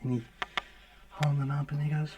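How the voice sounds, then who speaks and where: A man narrating as the game master of a tabletop game, halting, with many fillers and restarts. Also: on the high side, level tone, lo-fi sound, very noisy.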